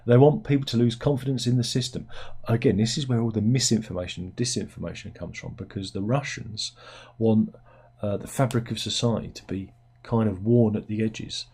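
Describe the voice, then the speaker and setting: Low husky british guy riffing on the news, rambly and jokey. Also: fairly quick, warm tone. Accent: British English. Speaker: host. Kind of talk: satirical news commentary.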